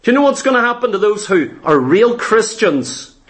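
Preacher, high-pitched man, fervent emphatic sermon delivery. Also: big pitch swings, moderate pace, fairly bright tone. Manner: fervent, emphatic, repeats for stress.

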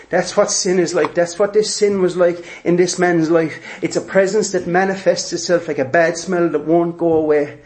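Male preacher, higher register, emphatic, repetitive sermon delivery. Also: fairly even intonation, moderate pace, hardly any pauses, darkish tone. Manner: emphatic, repeats phrases, acts out quoted voices. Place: church hall with congregation.

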